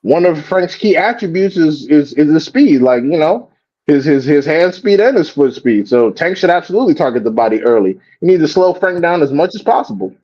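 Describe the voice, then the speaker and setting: A man with a fairly high voice hosts a live reaction stream, ranting in a loose, profane, animated way. The audio is dull and lo-fi, like a home stream mic. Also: fairly quick. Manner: animated, profane, mocks others in quoted voices. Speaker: host.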